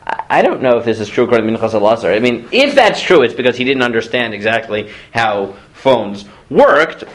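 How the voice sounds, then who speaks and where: A man's voice: medium pitch, very animated, a little fast. A man, a rabbi, giving a lecture on Jewish law in a classroom. He reads sources aloud, explains them in English and puts questions to his students.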